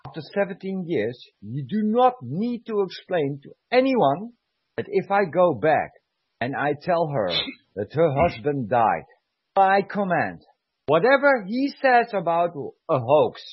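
Emotional ex-soldier, swearing, lively pitch. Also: male voice, takes it slowly, breathy edge, no room sound. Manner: emotional, swearing, repeats himself insistently. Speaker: former army sergeant, guest. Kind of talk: heated conversational rant. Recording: dull lo-fi sound.

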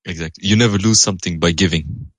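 A man with a very deep voice joins the chat at a calm, measured pace. The sound is dry, with no room echo. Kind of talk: casual chat.

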